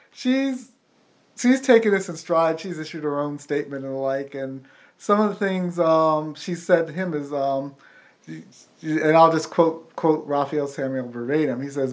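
Chatty American man hosting a talk show. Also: a little high. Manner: chatty, wry, explains at length. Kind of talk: casual talk show chat.

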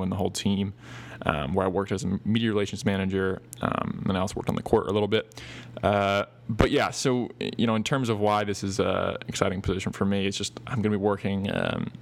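A man's voice: sits low, gravelly. Young man hosting a rambling podcast. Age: 20s. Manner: loose and rambling, many fillers and restarts. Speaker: podcast host. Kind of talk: casual solo podcast talk.

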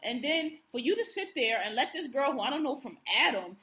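A woman co-hosting a podcast in casual chat, with a blunt, profane, animated way of ranting. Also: sits high, a little fast. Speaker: podcast co-host.

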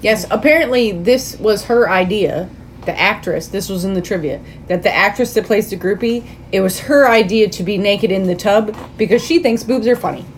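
A woman's voice: mid-range voice, normal speed, slight background noise. A woman co-hosting a podcast in casual chat, adding trivia and wry comments about a movie. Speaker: podcast co-host.

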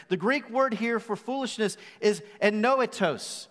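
A male pastor preaching a live sermon, emphatic, slowing down for dramatic rhetorical questions. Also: very high-pitched, a bit bright. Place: church hall. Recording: live sermon with long hall reverb.

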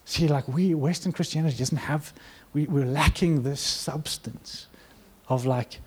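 A man preaching a sermon, telling a story with lively energy, acting out quotes and laughing now and then. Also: fairly high pitch, a little slow, few pauses, husky.

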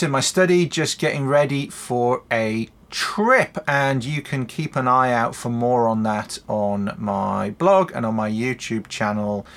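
A man's voice: mid-range voice, a bit bright. A man hosting a questions show from his home office. He talks in a chatty way, full of ums and restarts. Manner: chatty, with frequent ums and self-corrections. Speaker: host answering viewer questions. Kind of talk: casual solo talk.

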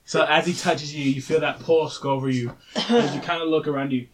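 A man's voice: fairly high pitch, fairly even intonation, brisk, background noise. A man narrating a tabletop game as game master, in a casual way with fillers and restarts.

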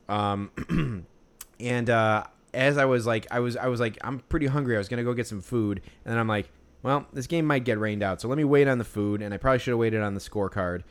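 A man's voice: medium pitch, clean tone. A man telling a story in casual chat, rambling with many fillers and restarts. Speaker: podcast co-host.

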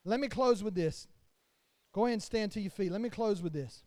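A man preaches to his congregation in a strikingly high voice. He swells louder and drops softer as he preaches. The sound is dry, with almost no room echo. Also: a little fast. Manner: preaching to a congregation, rising and falling in loudness. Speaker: pastor. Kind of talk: sermon.

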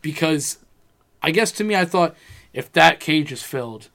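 Young man, slightly high voice, animated profane storyteller, casual podcast chat. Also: moderate pace, creaky.

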